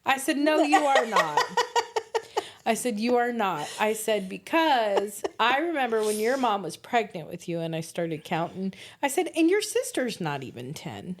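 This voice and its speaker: A woman co-hosting a relaxed podcast, spinning animated family stories and breaking into laughter as she goes. She swears freely and talks at an ordinary, mid-pitched level. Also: unhurried. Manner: swears casually. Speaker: podcast co-host. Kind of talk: casual storytelling chat.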